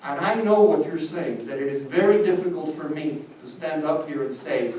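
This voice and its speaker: A man's voice: a little high, moderate pace, mellow. An older man from Cuba with a Cuban accent, speaking emphatically as a seminar panelist and switching into Spanish as he speaks. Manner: passionate and emphatic, switches into Spanish, voices quoted people. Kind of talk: impassioned public talk. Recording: echoey hall, distant mic, faint ambience.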